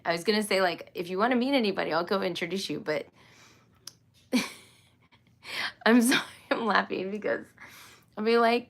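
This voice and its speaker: Worn out after a long day at work, this middle-aged woman rambles through a casual homeschool livestream, giggling and saying sorry along the way. She has a medium-pitched, expressive, creaky voice, a moderate pace, and frequent pauses.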